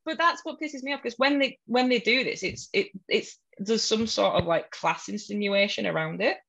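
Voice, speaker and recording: A woman with a Hull accent in casual chat, blunt and quick to swear, laughing often. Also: a little high, vocal fry, a bit bright, highs cut off. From Hull, England.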